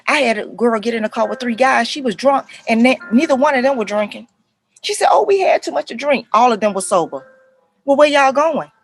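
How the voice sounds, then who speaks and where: A middle-aged counselor and life coach talks casually to camera for parents, telling stories in a lively, animated way, acting out the voices and calling her viewers "y'all." Her voice is fairly high, and the recording quality is low.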